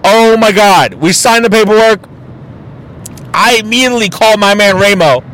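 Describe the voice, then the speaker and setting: A young man hosting a podcast, telling a story in a casual, profane way and acting out other people's lines with lively swings in his voice. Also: high voice, moderate pace. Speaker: podcast host.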